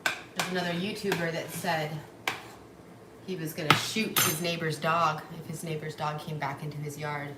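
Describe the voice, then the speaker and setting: A woman's voice: low voice, level tone, moderate pace. A young woman livestreaming from home in casual chat, blunt and profane, cooing to her dogs between stories. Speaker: livestream vlogger. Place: home, in a room. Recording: echoey room, mic at a distance, noisy.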